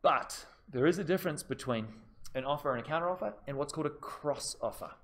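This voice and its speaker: A man's voice: a little high, fast talker. A man giving a live business law seminar in a casual, conversational way, talking straight to his students and repeating the key points. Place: classroom.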